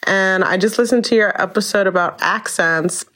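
A woman's voice: medium pitch, moderate pace, a bit bright. A woman from Brooklyn with a New York accent, leaving a friendly, slightly shy voicemail for a podcast. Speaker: voicemail caller. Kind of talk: casual voicemail message.

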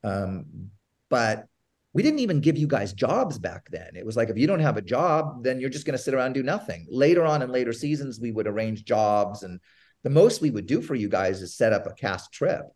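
A man's voice: medium pitch, brisk. A man, a TV producer as a podcast guest, telling stories and acting out old phone calls. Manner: animated storyteller, acts out phone calls. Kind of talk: casual interview storytelling.

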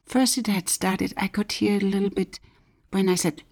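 A middle-aged woman from Germany, introducing her own book with earnest personal storytelling. She often drops into a soft near-whisper. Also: mid-range voice, fairly even intonation, normal speed. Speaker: author.

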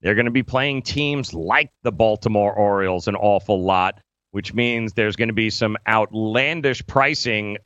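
A male sports radio host rambles through the lineup with plenty of filler words. His voice is smooth and resonant. The studio sound is dry and a bit dull. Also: fairly low pitch, a little slow, a bit bright, dry recording. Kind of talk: casual sports radio talk.

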